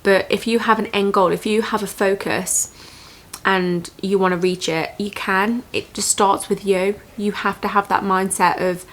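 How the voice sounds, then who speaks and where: A woman's voice: medium pitch, fairly even intonation. Earnest woman telling her story. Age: 20s. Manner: earnest, reflective, halting with restarts; emotional, motivational. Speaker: vlogger. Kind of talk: personal storytime to camera.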